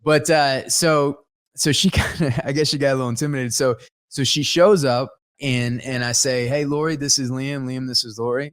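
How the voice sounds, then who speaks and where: A man co-hosting a podcast, telling a story in a casual, animated way with lots of laughter. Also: medium pitch, normal speed, clear, resonant tone, dry recording, clean studio sound. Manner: animated, laughs a lot, acts out voices in stories. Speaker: podcast co-host.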